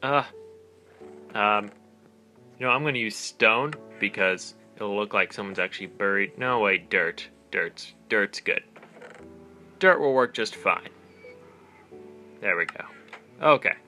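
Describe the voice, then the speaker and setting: A man hosting a let's play, talking casually over his game in an animated voice that often breaks into exclamations. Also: fairly low pitch, slow, long pauses, soft background music. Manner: animated, exclaiming and laughing in dismay. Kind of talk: casual gameplay commentary.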